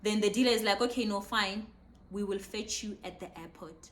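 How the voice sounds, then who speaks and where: A young South African woman with a South African accent telling a personal story, excitable and emotional. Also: medium pitch, moderate pace. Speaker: vlogger. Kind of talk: casual storytime.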